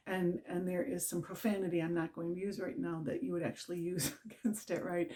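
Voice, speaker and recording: A woman's voice: on the low side, mellow. A middle-aged woman giving an earnest, casual spiritual talk as a mantra teacher, often checking in with "right?". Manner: earnest, repetitive, with frequent "right?" check-ins.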